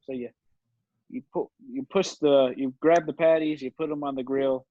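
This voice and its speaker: A man's voice: medium pitch, steady tone, moderate pace, mellow, dry recording. Twenty-something guy rambling thru stories, laughs a lot, dull dry lo-fi sound. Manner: rambling, laughs often, lots of fillers. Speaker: podcast guest. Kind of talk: casual storytelling chat.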